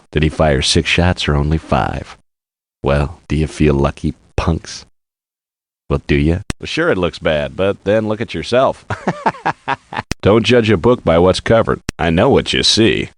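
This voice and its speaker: A cocky, wisecracking poker player in a card game, all brash jokes and gloating. His voice sits low but swings widely and lively in pitch. A faint hiss runs under the recording. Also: exaggerated voice. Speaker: game character. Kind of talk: game voice clips.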